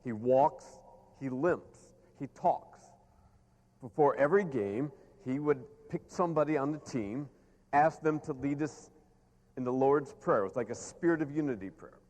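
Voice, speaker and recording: A man's voice: medium pitch, moderate pace, in a large hall. A middle-aged man giving a humorous keynote speech, telling stories to a live audience and acting out the people in them. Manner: animated storyteller who acts out the people in his stories. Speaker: keynote speaker. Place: stage before a live audience.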